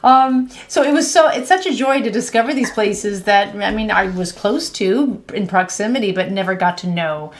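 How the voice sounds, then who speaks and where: Middle-aged new hampshire woman hosting a travel chat, animated, laughs a lot, restarts her sentences. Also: mid-range voice, normal speed, few pauses. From New Hampshire, USA. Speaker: travel show host. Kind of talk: casual chat.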